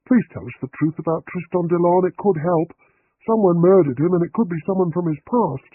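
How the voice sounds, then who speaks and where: A man's voice: sits high, a little fast, breathy edge, dry recording, voice pushed up. A man doing a bossy woman detective. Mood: insistent. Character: bossy sharp-tongued middle-aged woman detective. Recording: tinny lo-fi dry recording.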